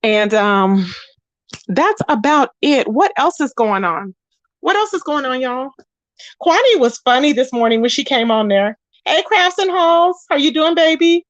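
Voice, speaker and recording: High-voiced chatty woman, dry close mic. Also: dry recording, dull audio. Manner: chatty and blunt, greets viewers by name. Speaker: host of a live commentary stream. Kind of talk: casual live-stream chat.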